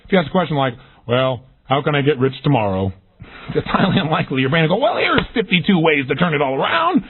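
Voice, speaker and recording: Male motivational speaker, rapid and animated, husky voice, phone-thin recording. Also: fairly high pitch. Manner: emphatic, dramatic quoted questions. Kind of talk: motivational seminar talk. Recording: tinny lo-fi audio recording.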